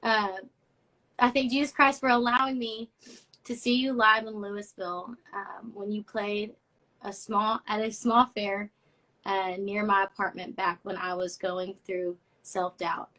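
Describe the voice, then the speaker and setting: A woman's voice: medium pitch, level tone, measured pace, pushed and bright, poor audio. A young woman hosting a casual live stream, reading fan notes aloud in a chatty, effusive way. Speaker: host of a live social media show.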